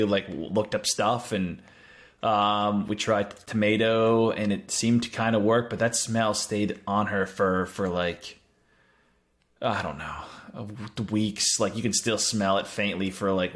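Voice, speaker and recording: A man with a somewhat low voice talks easygoingly on a gaming podcast. He tells stories plainly and drops in dry, teasing remarks. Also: fairly even intonation, a little slow, a bit bright. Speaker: podcast co-host. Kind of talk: casual chat.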